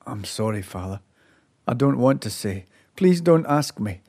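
A man voicing a gentle, honest teenage boy who speaks softly and hesitantly. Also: medium pitch, expressive, a little slow, husky. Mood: reluctant. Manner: quiet, hesitant and apologetic.

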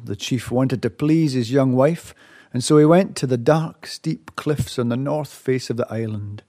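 A man telling a folk tale aloud, measured and expressive, dropping softly and rising with excitement. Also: mid-range voice. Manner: measured, with lively rises and soft hushed drops. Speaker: storyteller. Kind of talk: oral folk-tale storytelling.

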